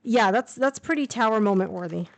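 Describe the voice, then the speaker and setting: A woman's voice: medium pitch, expressive, brisk, gravelly. A woman casually reading tarot cards to camera, chatting and thinking aloud with fillers and asides. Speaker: tarot reader. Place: indoors, traveling.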